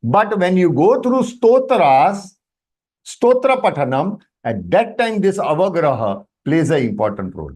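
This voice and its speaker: Over a video call, this man leads an online Sanskrit workshop lesson, pausing to quiz his students as he goes, and he speaks Indian-accented English with Hindi mixed in. His pitch runs high and sing-song, his pace is somewhat slow, and the tone is darkish with a breathy edge.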